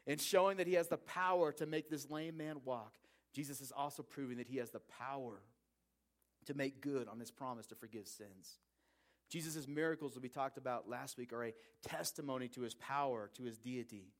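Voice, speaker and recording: A man's voice: medium pitch, normal speed. A man preaching a sermon and reading scripture aloud. He talks in a conversational way, asks his listeners questions and sometimes repeats words. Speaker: pastor.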